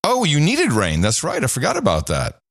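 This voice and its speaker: A man's voice: a little high, normal speed. A man co-hosting a casual talk show, laughing often and telling stories. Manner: laughs often, animated storytelling. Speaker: podcast co-host. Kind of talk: casual chat.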